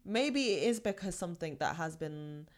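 Low-voiced young woman chatting on a podcast. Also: expressive, moderate pace. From England. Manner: chatty, opinionated, lots of fillers. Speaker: podcast co-host. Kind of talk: casual podcast chat.

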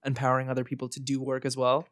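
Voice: medium pitch, completely flat delivery, racing, no room sound, studio quality. A podcast host chatting casually and earnestly, rambling with frequent fillers.

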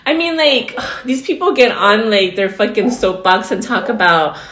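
A woman's voice: mid-range voice, normal speed. Blunt young woman podcast co-host, echoey room with a faint hiss behind her. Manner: blunt, animated storyteller, heavy swearing. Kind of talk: casual chat. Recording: roomy echo, faint noise.

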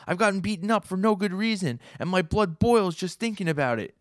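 A man's voice: high-pitched, lively intonation, brisk, no echo, clean studio sound, pitched above the performer's own voice. A man voicing a hesitant, doubtful pig-like rioter. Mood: doubting. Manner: hesitant, pleading, unsure of himself. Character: doubtful, soft-hearted male pig-like rioter.

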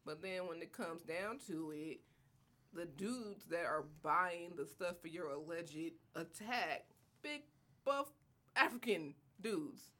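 A woman guest in a casual chat, talking slowly and laughing often as she tells stories. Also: fairly low pitch. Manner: slow, laughing, expressive.

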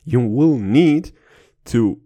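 A young man with a lively, bouncing voice who swings between high and low, swearing and laughing through a rambling podcast rant. English is not his first language. He talks right into a close microphone. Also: extremely slow. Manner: profane, rambling, playful, laughs a lot. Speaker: podcast host. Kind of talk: crude comedic podcast rant.

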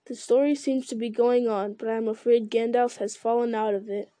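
A gentle young male hobbit from a storybook, speaking plainly, as voiced by a woman reader. Her voice is mellow and fairly high, with a dry sound. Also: fairly even intonation, a little fast, no echo, lightly acted. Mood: sad.

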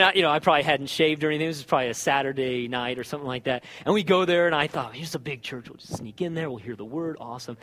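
A man preaching a sermon as a pastor, telling stories with lively acted-out dialogue. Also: on the high side, in a large hall. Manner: animated storytelling, acts out dialogue.

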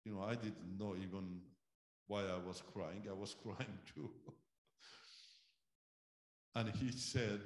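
A man giving a sermon testimony as a guest missionary speaker, telling a story with animated delivery and acting out what people said. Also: lowish voice, takes it slowly, long pauses, reverberant. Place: church.

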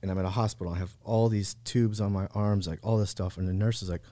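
A man's voice: fairly low pitch, fairly even intonation, fast talker, warm tone, no room sound. A man in his thirties telling a personal story as a podcast guest, casual and slangy, full of "bro" and "like". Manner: laid-back slangy talk, many "bro" and "like".

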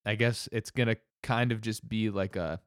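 A man's voice: lowish voice, steady tone, moderate pace, dry recording. Laid-back man, dry close sound. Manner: laid-back, hesitant, explains with fillers. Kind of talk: casual chat.

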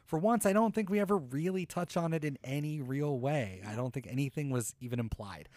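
A young man co-hosting a podcast in casual chat, animated and sarcastic, swearing freely. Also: a little high, fairly quick, no echo. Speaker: podcast co-host.

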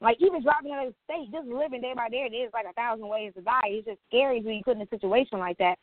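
A woman's voice: a little high, quick pace, no echo. A woman co-hosting a podcast in casual chat, blunt and teasing. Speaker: podcast co-host. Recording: dry, tinny phone-like sound.

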